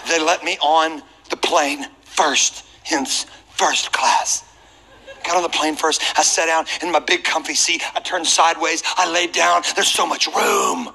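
A man preaching as a pastor, telling a personal story in a humorous, animated way. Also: on the high side, unhurried, gravelly, husky, low-quality recording.

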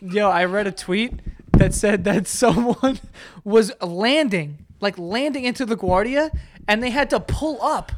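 A man's voice: high voice, expressive, unhurried, a little hiss or hum. A young man co-hosting a podcast in casual, slangy chat, laughing along. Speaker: podcast co-host.

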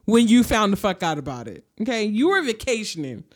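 A woman's voice: medium pitch, big pitch swings, fairly quick. A young adult woman co-hosting a casual chat, ranting heatedly with sarcasm and lots of swearing. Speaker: podcast co-host.

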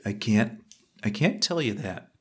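A man's voice: on the low side, lively intonation, a little slow, fairly bright tone. Guy doing a jittery thief, stutters a lot, voice jumps around. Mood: nervous. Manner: stammering, jittery, pleading. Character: nervous male thief hiding underground.

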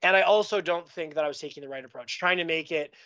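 A man's voice: a little high, fast talker, bright, forceful tone, smooth. Man rambling through a story, lo-fi. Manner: rambling, with frequent restarts and fillers. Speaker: podcast guest, AI expert. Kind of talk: casual conversational storytelling.

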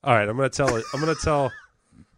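A man's voice: medium pitch, very fast, fairly bright tone. A man co-hosting a comedy podcast, casually telling a long joke as a story. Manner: storyteller, many fillers and restarts. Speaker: podcast co-host.

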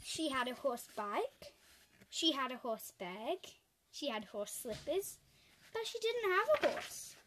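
A woman with a high, bright voice reads children's picture books aloud. She reads slowly and clearly, with lots of expression. A faint hiss runs under the recording. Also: big pitch swings. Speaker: storyteller. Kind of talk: reading children's stories aloud.

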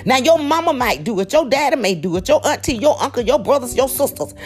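A woman's voice: high-pitched, expressive, brisk. A woman giving an emphatic, preachy motivational talk, calling out to her listeners with faint music behind her. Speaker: motivational speaker.

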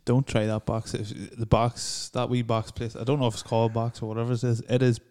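Young man, mellow voice, blunt, teasing, sweary. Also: medium pitch, little pitch movement, brisk. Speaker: podcast co-host. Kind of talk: casual banter.

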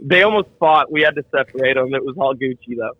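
A man's voice: mid-range voice, fast, dry recording, highs cut off. A man telling a crude, rambling story on a casual podcast, often laughing at his own punchlines. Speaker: podcast co-host.

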